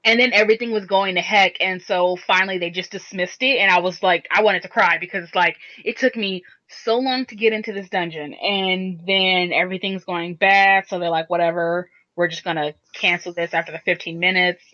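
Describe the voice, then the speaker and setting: A woman's voice: medium pitch, fairly even intonation, moderate pace, hardly any pauses, bright, forceful tone. A woman co-hosting a casual podcast, explaining things at length in a rambling way with many restarts. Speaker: podcast co-host. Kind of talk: casual chat. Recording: dull lo-fi podcast recording.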